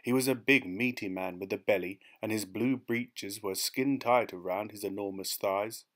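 Low-voiced male audiobook narrator. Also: moderate pace, fairly bright tone. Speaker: audiobook reader. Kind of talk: scripted narration.

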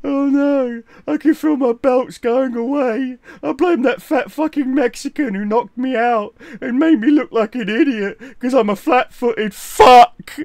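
A man's voice: extremely high pitch, unhurried, hardly any pauses, darkish tone, no echo, pitched above the performer's own voice. A man playing a sobbing, self-pitying knocked-out boxer. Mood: wailing. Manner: sobbing, babyish wailing.

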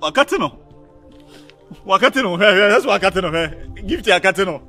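A man's voice: sits high, lively intonation, fast, bright, forceful tone, soft background music, full character voice. A man with a Ghanaian accent playing a heartbroken young man who wails and pleads dramatically for his lost lover. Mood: wailing. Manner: wailing, pleading, crying out dramatically. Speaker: actor in a comedy film. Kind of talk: Ghanaian film acting.

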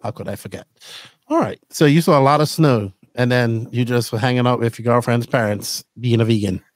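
A middle-aged man hosting a podcast, telling rambling, animated stories in casual chat. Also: mid-range voice, a little fast, no room sound, studio quality. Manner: rambling, animated storytelling with laughs. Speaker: podcast host.

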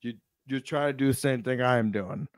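A man's voice: mid-range voice, fairly quick. A man hosting a live stream while drinking, teasing his co-host in a blunt, mocking way. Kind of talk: casual chat on a live stream.

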